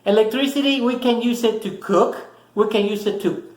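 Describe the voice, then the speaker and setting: A man's voice: high-pitched, moderate pace, echoey room, low-quality recording. A man giving a casual, earnest motivational talk to camera, repeating words for emphasis. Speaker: motivational vlogger.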